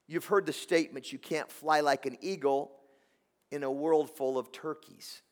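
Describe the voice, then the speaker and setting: A man's voice: fairly high pitch, steady tone, normal speed. A man preaching a sermon as pastor, impassioned, repeating words and asking the congregation questions. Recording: long hall reverb.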